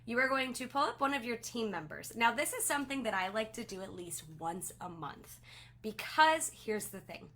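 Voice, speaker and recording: Upbeat, bright-voiced woman coaching. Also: a little high, big pitch swings, normal speed. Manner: upbeat, gushing, encouraging. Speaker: direct sales team leader. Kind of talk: coaching talk to her sales team.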